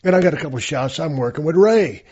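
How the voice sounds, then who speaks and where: Husky man, laid-back storytelling. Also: on the high side, expressive, quick pace, a little mellow. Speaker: podcast co-host. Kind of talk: casual storytelling. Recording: dull lo-fi sound.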